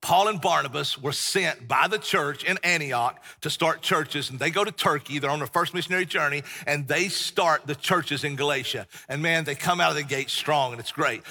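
A middle-aged pastor preaches with passion and folksy emphasis. His voice is bright and husky. It carries a long reverb through the church. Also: fairly high pitch, moderate pace, hardly any pauses. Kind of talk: sermon. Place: church sanctuary.

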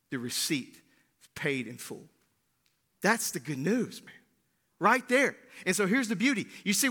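Guy preaching, high bright voice, gets loud then goes real quiet, keeps saying right?. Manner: animated, swings from loud to hushed, many "right?" asides. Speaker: pastor. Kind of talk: sermon.

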